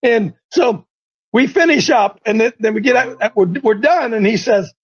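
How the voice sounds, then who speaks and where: Husky high-voiced man telling a story. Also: normal speed, highs cut off. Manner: animated, stumbling, repetitive storyteller. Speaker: host. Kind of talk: faith talk show storytelling.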